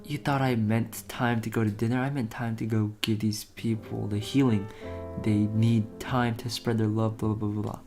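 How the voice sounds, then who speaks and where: A smug, smooth-talking man in his thirties, easy and self-assured, read by a man in his own low voice. A faint guitar track plays underneath. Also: flat delivery, normal speed, mellow, close to an everyday voice. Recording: faint guitar music behind.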